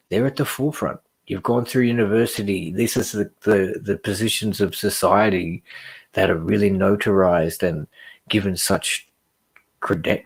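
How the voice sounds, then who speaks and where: A man hosting a casual podcast, reading news aloud and breaking off into passionate, rambling commentary. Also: fairly low pitch. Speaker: podcast host.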